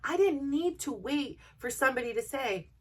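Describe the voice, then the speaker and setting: A woman's voice: high voice, lively intonation, moderate pace, breathy edge, far from the mic. A woman hosting a podcast, talking candidly and earnestly to her listeners in a personal motivational monologue. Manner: earnest, open and personal, speaking directly to listeners. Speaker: podcast host.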